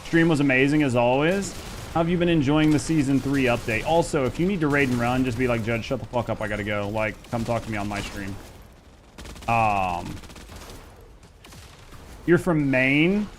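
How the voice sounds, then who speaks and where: A man's voice: medium pitch, expressive, unhurried, long pauses, slight background noise. A man in his thirties from Indiana with a Midwestern accent, chatting casually and rambling on a live game stream, swearing freely. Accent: Midwestern American. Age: over 30. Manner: laid-back, rambling, swears a lot.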